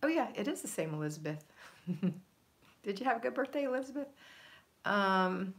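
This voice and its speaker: An older woman hosting a live stream, chatting casually and reading viewer comments aloud, upbeat, laughing often and adding quick asides. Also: medium pitch, big pitch swings. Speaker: livestream host.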